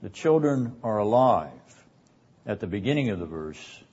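An older man teaching a seminary class on scripture in a measured, deliberate lecture style. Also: on the low side, sing-song, a little mellow, breathy edge. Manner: measured, deliberate delivery, rising in force for quoted verses. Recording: dull lo-fi lecture recording.

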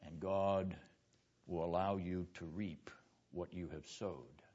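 A man's voice: low voice, steady tone, slow pace, warm tone. A man teaching a seminary classroom lecture, stressing his points with rhetorical questions and calling on students by name. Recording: dull lo-fi classroom recording.

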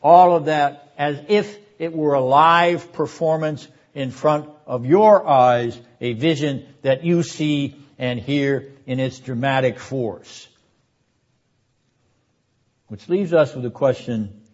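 An older man delivers a classroom lecture on scripture at a middle pitch, measured and emphatic. The recording is dull and lo-fi. He stresses key words for his students. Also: a little mellow. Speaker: seminary lecturer.

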